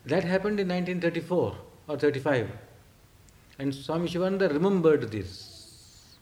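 Older male storyteller, fairly high voice, halting delivery full of ums, livens up when he voices other people. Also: animated, darkish tone. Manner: hesitant storytelling with many fillers, acting out quoted speech. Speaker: speaker recounting memories of a guru. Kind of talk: reminiscing spoken talk.

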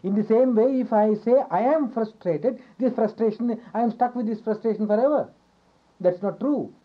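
A man's voice: sits high, moderate pace. Man teaching yoga philosophy, lo-fi recording. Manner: repetitive, rhetorical questions, soft chuckles. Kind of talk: philosophy lecture. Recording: dull lo-fi recording.

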